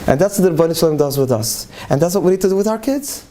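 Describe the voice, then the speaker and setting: A middle-aged man gives an earnest, heartfelt, emotional talk to a live audience of parents. His voice is fairly high, mellow, and expressive, delivered rapid-fire, with a little hiss or hum in the recording.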